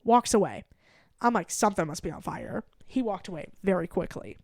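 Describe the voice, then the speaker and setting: A young adult woman co-hosting a podcast, telling an animated story in casual chat and acting out the quoted lines. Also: on the low side, brisk, no room sound, studio quality. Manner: animated, acts out quoted dialogue. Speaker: podcast co-host.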